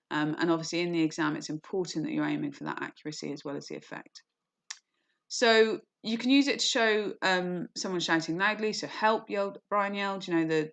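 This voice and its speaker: A woman with a fairly low voice teaching an online lesson. She explains step by step, often says "okay" and "you know", and now and then acts out a short quoted line. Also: a bit bright. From England. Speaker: English teacher.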